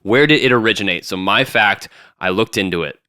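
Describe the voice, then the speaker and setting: A young man co-hosting a casual podcast, talking in an animated, jokey way with lots of restarts. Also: lowish voice, brisk, clean tone, dry recording, clean studio sound. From Tampa, Florida. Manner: animated, jokey, jumps in often, many restarts. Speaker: podcast co-host. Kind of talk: casual chat.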